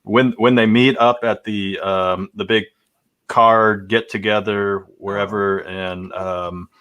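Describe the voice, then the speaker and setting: A man's voice: lowish voice, steady tone, slow, a bit bright, smooth. Laid-back man chatting on a podcast. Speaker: podcast panelist. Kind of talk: casual movie discussion podcast.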